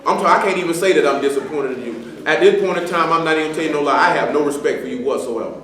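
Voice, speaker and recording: A man preaching and scolding a young man in front of the congregation, talking in a stern, slangy, conversational way. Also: a little high. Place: church assembly room. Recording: far from the mic in an echoey hall with faint noise.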